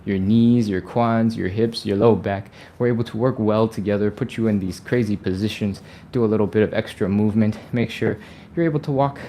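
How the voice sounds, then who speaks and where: A man's voice: lowish voice, brisk, hardly any pauses, dark tone, slight background noise. A man leading a live stretching workout, chatty and upbeat, sighing and laughing between cues. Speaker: stretching coach.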